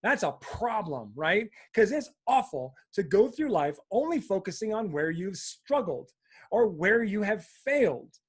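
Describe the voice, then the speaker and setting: High-voiced, fired-up man coaching viewers. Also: measured pace, breathy edge. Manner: energetic, fired up, frequent "right?". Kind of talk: motivational talk to camera.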